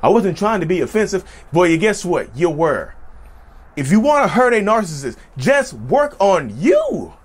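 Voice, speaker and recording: A man's voice: sits high, moderate pace, breathy edge. A man hosting his own channel in a casual monologue, repeating his points and calling his viewers "y'all", his voice sometimes cracking. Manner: animated, repeats phrases, addresses viewers as y'all. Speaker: YouTube channel host.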